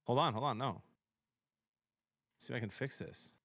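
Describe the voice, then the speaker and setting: A man hosts a casual sports show over a live stream and talks eagerly and slangily about bets and games. His voice sits at a middle pitch and sounds dry and close, with almost no room sound. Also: moderate pace, no echo. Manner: chatty, excitable, slangy banter about bets.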